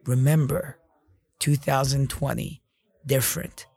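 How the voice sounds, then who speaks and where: Gravelly, blunt-talking podcast man. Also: mid-range voice, steady tone, a little slow, darkish tone. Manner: blunt and profane, heavy use of "like" and "you know". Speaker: podcast host and business owner. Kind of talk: casual motivational podcast monologue.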